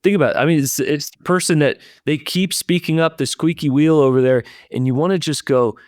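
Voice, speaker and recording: A man's voice: on the high side, brisk, dry recording, studio quality. A man hosting a leadership podcast, talking in an earnest, reflective way and speaking straight to his listeners. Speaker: podcast host.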